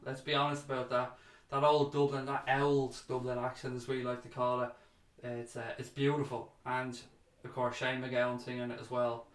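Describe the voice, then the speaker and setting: A man's voice: medium pitch, flat delivery, normal speed, hardly any pauses, reverberant. A man hosting a casual fan chat livestream, reading out viewer comments and chatting back to them, calling people mate.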